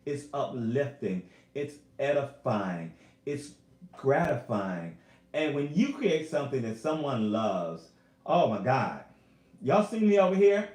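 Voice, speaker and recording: In a reverberant space at home, a singer and YouTuber with a mid-range voice takes his time while casually talking to his live-stream audience. His tone is emotional and sincere, animated, and he refers to the viewers as "y'all."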